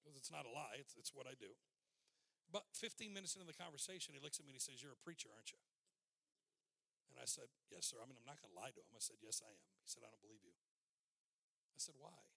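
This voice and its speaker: A man's voice: mid-range voice, lively intonation, fast talker, creaky, sharp tone, husky, dry recording. An older man preaching a sermon, telling personal stories in an emotional, earnest way.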